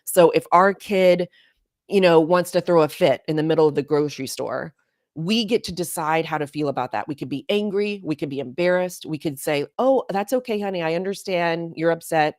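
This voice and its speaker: A woman in her forties with a low voice speaks as a guest coach. She is earnest and emphatic and hammers her points home by repeating them. The sound is close and dry. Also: a little fast, no room sound. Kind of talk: casual podcast talk.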